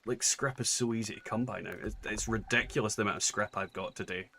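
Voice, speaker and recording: Bright-voiced man ranting while gaming. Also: on the low side, fast talker, a little hiss or hum. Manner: ranting, profane, many restarts. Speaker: gaming streamer. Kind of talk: casual chat while gaming.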